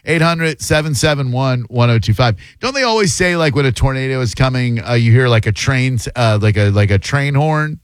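A man's voice: medium pitch, lively intonation, normal speed, few pauses, clear, resonant tone, no echo. A man hosting a radio show, chatting casually and riffing with sarcastic jokes. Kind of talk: casual comedic radio chat.

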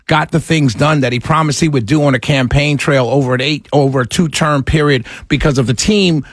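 A male talk radio host with a high, husky voice, speaking into a studio microphone. He rants with exasperation and piles up rhetorical questions at his listeners. The sound is close and dry. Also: no room sound.

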